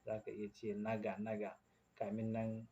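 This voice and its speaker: A Nigerian man teaching phrases as a casual language lesson, repeating each phrase slowly and switching between languages. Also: fairly low pitch, monotone, dark tone, muffled recording, a little hiss or hum.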